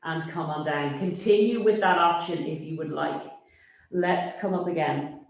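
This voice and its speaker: A woman instructor talks a class through a Pilates workout, her cues brisk and encouraging. She often checks in with a quick "yes?". The studio is very echoey. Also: sits low. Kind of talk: cueing an exercise class. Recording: very echoey room.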